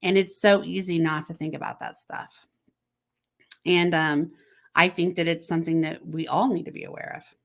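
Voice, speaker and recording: Chatty woman with a lowish voice, talking straight to the viewer. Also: fairly even intonation, moderate pace, vocal fry. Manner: conversational, asks the viewer rhetorical questions; acts out text messages in quoted voices. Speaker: host. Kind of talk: casual chat to camera.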